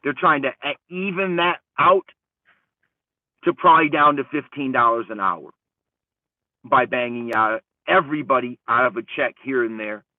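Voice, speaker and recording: A man's voice: mid-range voice, normal speed, no echo, far from the mic. Profane ranting man on a tinny line. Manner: profane, heated, rambling, swings between loud and muttered. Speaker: channel host. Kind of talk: casual storytelling rant. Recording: dry phone-like lo-fi audio from off-mic.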